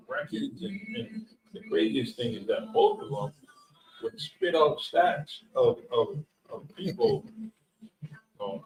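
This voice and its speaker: A man reminiscing in a halting way, searching for words during casual chat at a coffee shop. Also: medium pitch, rough recording.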